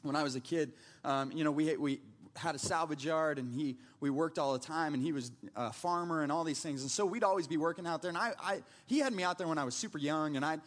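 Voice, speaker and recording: A man's voice: a little high, fast talker, fairly bright tone. A man preaching a sermon as pastor, telling stories in a casual, conversational way with frequent restarts.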